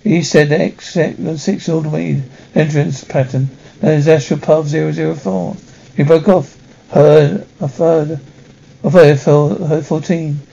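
A stern military officer in a 1960s television drama, speaking in clipped, formal lines. The voice sits a little high, with a gravelly, dark edge. It comes through a dull, old TV soundtrack. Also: male voice, fairly even intonation, measured pace. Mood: tense.

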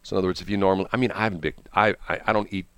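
A man's voice: low voice, racing, smooth, no room sound. A man hosting a radio morning show, telling a rambling story on air and acting out the people in it. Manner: animated, acts out quoted people. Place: radio studio.

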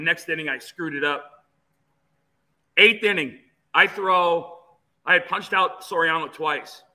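A man's voice: on the high side, poor audio. Tense-voiced man in his fifties. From Phoenix, USA. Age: 50s. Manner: animated storyteller with many restarts. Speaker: interview guest, former player. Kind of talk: storytelling in an interview.

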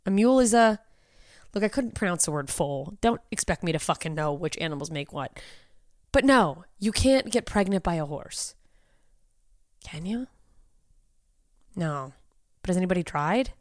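A woman hosting a comedy podcast, reacting with sarcastic disbelief and swearing freely. Her pitch swings widely as she talks, animated and expressive. The recording is dry and close, with no room sound. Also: moderate pace, no room sound. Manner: profane, incredulous, sarcastic, laughs often. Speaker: podcast host. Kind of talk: casual comedic chat.

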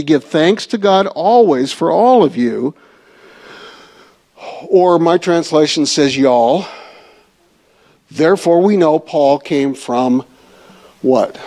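A man's voice: a little high, a little mellow. A man teaching a church Bible study in a conversational way, asking the audience questions.

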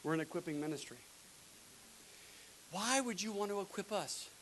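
A pastor man with a strikingly high, bright, forceful voice preaches in a folksy, energetic way. He breaks into loud, shouted bursts now and then, over a faint hiss. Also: moderate pace, low-quality recording. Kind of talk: sermon.

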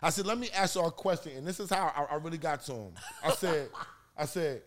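A man with a New York accent from Queens, cursing freely and telling animated stories in a heated podcast debate. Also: fairly high pitch, fast. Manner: profane, animated storytelling. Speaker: podcast co-host.

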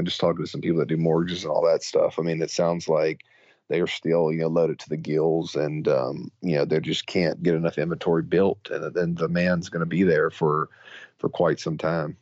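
A man's voice: extremely low pitch, level tone, a little mellow, no echo, dull audio. A man, co-hosting a podcast in loose casual chat with many fillers and restarts. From Mississippi. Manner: halting, full of fillers and restarts. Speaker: podcast co-host.

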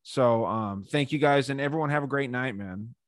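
A man from Upstate New York hosting a podcast, signing off in a relaxed, thankful way with lots of "dude" and "man.". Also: mid-range voice, normal speed, dry recording, studio quality. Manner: laid-back, thankful, lots of fillers and "dude". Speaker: podcast host. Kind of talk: casual podcast sign-off.

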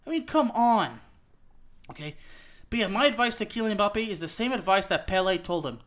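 High-voiced man ranting emphatically. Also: lively intonation, normal speed, a bit bright. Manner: emphatic, repeats "okay?" and "you know what?", swears. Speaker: podcast host. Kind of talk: soccer opinion podcast rant.

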